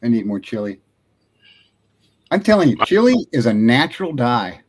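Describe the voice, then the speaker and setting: A man's voice: mid-range voice, sing-song, moderate pace, slightly rough. A man joining a live-stream chat, jokey and chuckling.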